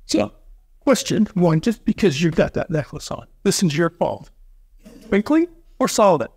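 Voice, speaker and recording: A man's voice: high voice, sing-song, moderate pace, a little mellow, husky. A man moderating a debate in a teasing, offhand way.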